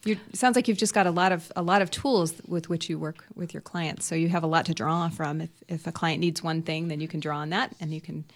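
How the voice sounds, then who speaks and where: A woman's voice: low-pitched, fairly even intonation, fairly quick, few pauses. A woman co-hosting a radio talk show in casual chat, friendly and laughing often. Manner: friendly, laughs often, stumbles over long names. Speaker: radio co-host.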